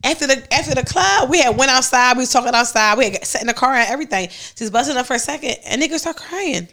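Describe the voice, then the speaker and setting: High-voiced laughing woman telling stories. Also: animated, fast talker. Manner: loud, laughing storyteller, acts out quoted people. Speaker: podcast host. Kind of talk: casual chat.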